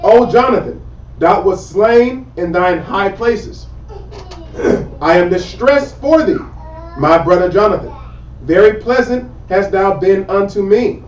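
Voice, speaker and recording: A man reading scripture aloud slowly and deliberately in a Bible study group. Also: high-pitched, lively intonation, a little hiss or hum. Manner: slow, measured reading. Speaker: scripture reader. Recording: echoey, dull, distant mic.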